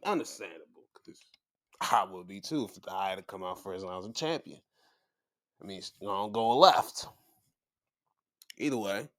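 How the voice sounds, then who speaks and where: This host's voice sits fairly low, recorded at studio quality with no echo. His wrestling recap is casual and animated, chatty in tone, with him performing the quotes of the people involved.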